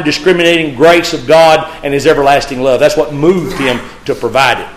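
Male pastor, preaching style that swells loud then drops to a hush. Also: moderate pace, few pauses, rough recording. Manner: preaching, swinging from loud emphatic peaks to low hushed phrases. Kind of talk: sermon.

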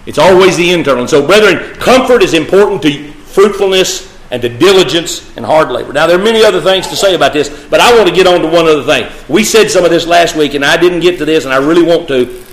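Fast and animated, a man with a fairly high voice preaches to the congregation directly, hammering home key phrases with emphasis. The echoey recording carries a little hiss or hum.

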